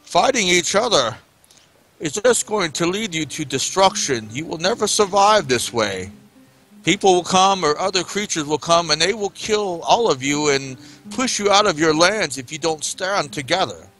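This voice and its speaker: Bright-voiced man playing a diplomat. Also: fairly high pitch, moderate pace. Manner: steady, earnest speechmaking. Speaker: player. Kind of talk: in-character tabletop role-play.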